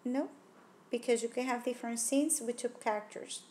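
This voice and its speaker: A woman's voice: fairly high pitch, steady tone, moderate pace, a little mellow, a little hiss or hum. A woman teacher talking through test questions, reasoning aloud about each answer choice and ruling them out one by one. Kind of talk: test-prep walkthrough lesson. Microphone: tablet microphone.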